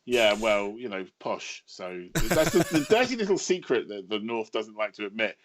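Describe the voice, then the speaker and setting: A man in his fifties from England, a writer talking as a podcast guest, telling wry, self-mocking stories in an animated way. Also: lowish voice, normal speed. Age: 50s. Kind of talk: casual podcast chat.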